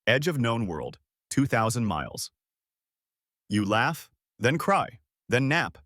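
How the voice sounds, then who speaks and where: A man giving deadpan scripted narration in short, clipped sentences. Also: medium pitch, takes it slowly, no room sound, clean studio sound.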